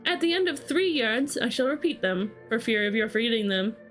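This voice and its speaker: A woman reading aloud and voicing a brisk, bossy, commanding queen in a storybook reading. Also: on the high side, lively intonation, fairly bright tone, soft background music. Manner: brisk, commanding, matter-of-fact.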